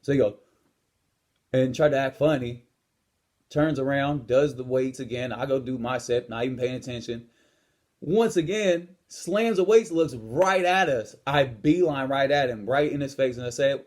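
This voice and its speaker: A young man hosting his own coaching show, telling a story in a blunt, profane way and acting out confrontations with sudden loud outbursts. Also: mid-range voice, normal speed. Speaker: podcast host, lifestyle and health coach. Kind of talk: casual storytelling monologue.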